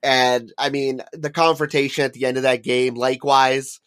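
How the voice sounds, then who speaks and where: A man co-hosting a casual podcast, relaxed and agreeable, and cursing now and then. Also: medium pitch, normal speed, clear, resonant tone. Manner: laid-back, agreeable, profane. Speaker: podcast co-host.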